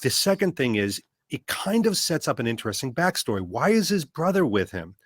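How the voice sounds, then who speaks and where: A man talking as a guest on a podcast, animated and full of rhetorical questions. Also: medium pitch, brisk, no echo, clean studio sound. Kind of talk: casual chat.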